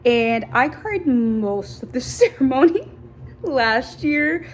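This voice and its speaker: A woman's voice: sits high, expressive, takes it slowly, a little hiss or hum. Young woman chatting about books. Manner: reads the synopsis aloud, then chats in an upbeat way. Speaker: high school teacher and book vlogger. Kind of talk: casual book review vlog with reading aloud.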